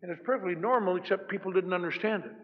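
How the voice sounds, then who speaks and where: A man's voice: sits high, very fast. An older man speaking at a recovery meeting, telling his story with wry, self-mocking humor. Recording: dull old hall recording, faint hiss.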